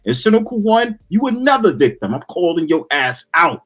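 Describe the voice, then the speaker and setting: Animated New York man, husky voice. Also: sits high, normal speed. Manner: animated, playfully indignant. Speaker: guest on a live stream. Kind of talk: casual banter.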